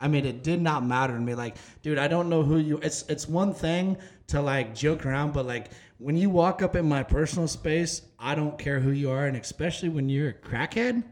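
A man's voice: a little high, normal speed, few pauses, darkish tone. Brash, swearing young man with a raised voice. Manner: blunt, swears heavily, laughs while telling stories. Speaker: podcast host. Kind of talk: casual profane storytelling chat.

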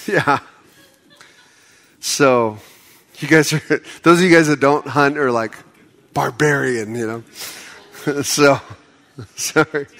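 A man's voice: mid-range voice, fairly bright tone. A middle-aged American man preaching a sermon in a conversational way, with joking asides that build to impassioned appeals. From United States. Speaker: pastor.

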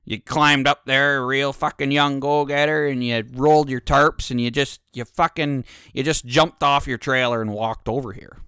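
A gruff old trucker, as a male storyteller puts him on, gives blunt, cussing advice to a greenhorn. The voice stays smooth and clear, and the sound is dry and close. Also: medium pitch, fairly even intonation, moderate pace, few pauses, sharp tone, no room sound. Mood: scolding.

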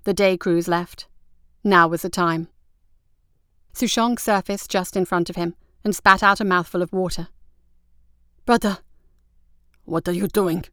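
A woman narrating an adventure story in a steady, even storytelling manner. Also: fairly low pitch, moderate pace, clean tone, no echo, studio quality. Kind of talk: audiobook narration.

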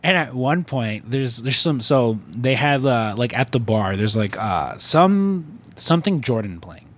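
A man's voice: mid-range voice, sing-song, a little slow, a bit bright, slight background noise. A male podcast host chatting loosely with a co-host, his stories winding and peppered with fillers like "you know" and "like." He swears freely and trails off mid-thought as he goes. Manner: rambling, profane, filler-heavy. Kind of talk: casual chat, storytelling.

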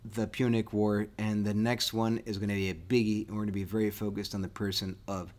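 A man's voice: on the low side, flat delivery, brisk, a little mellow. A man co-hosting a history podcast in casual chat, enthusiastic and eager as he wraps up the episode. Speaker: podcast co-host.

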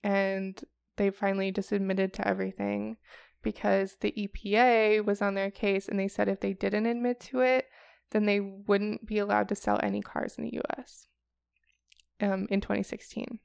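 A woman's voice: mid-range voice, level tone, normal speed, vocal fry, darkish tone, smooth, no echo, studio quality. A woman co-hosting a podcast, telling a story in casual chat, chatty and laughing often as she acts out quotes. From Chicago. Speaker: podcast co-host.

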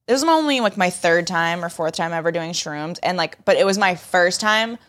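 A young woman co-hosting a casual podcast chat, telling an animated story with lots of "like". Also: fairly low pitch, moderate pace. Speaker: podcast co-host.

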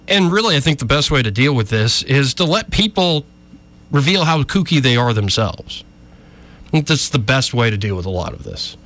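A man hosting a local talk radio show, ranting with a wry, animated manner, in a radio studio. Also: medium pitch.

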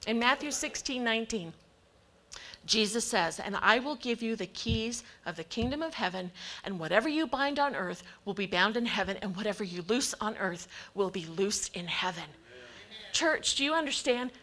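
A woman's voice: mid-range voice, lively intonation, normal speed, sharp tone. A woman preaching a sermon to her congregation, emphatic and acting out the voices of God and worried people.

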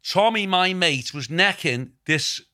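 With a high, bright, forceful voice, this middle-aged Liverpudlian speaks expressively and takes his time. In casual podcast conversation he spins long, meandering stories full of asides, a rambling Scouse storyteller from Liverpool, England.

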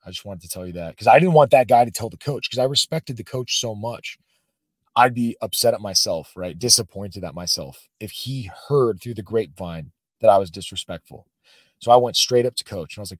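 A man's voice: medium pitch, expressive, brisk, no echo. A man, a podcast guest and former soldier, telling stories in a casual, emotional way, full of "bro" and "man". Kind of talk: casual storytelling.

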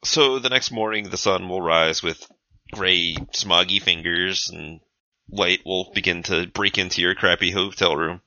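A man's voice: low-pitched, unhurried, bright, forceful tone, dry recording. A man narrating as game master of a tabletop game, with dry, teasing questions to the players. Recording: dull lo-fi mic.

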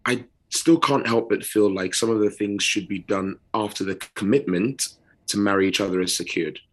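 A British man with a very low, deep voice talks on a casual podcast. He speaks earnestly and unhurriedly, leaning into pauses and repeating words as he builds his point. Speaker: podcast co-host.

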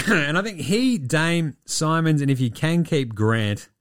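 Aussie guy ranting on his podcast, voice going hoarse, cursing a lot, dry sound. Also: a little high, slow pace, no echo. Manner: animated, swearing, rambling. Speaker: podcast host. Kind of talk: casual basketball chat.

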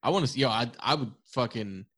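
A young man, co-hosting a casual podcast chat, swearing freely and telling animated stories. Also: mid-range voice, fast, slightly rough, no room sound. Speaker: podcast co-host.

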